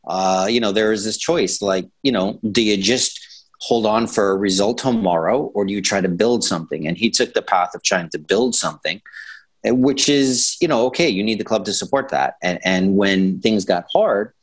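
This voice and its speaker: A man from the United States, a soccer coach and guest, talking analytically in a measured way. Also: lowish voice, husky, low-quality recording. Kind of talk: casual sports chat.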